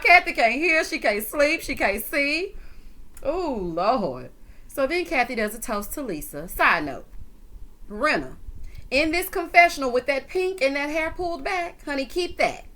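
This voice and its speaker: A woman's voice: sits high, a little slow. A woman giving a casual, sassy recap of a reality TV episode, full of asides and calling people honey and child. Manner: sassy, animated, calls viewers honey and child. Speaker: TV recap vlogger.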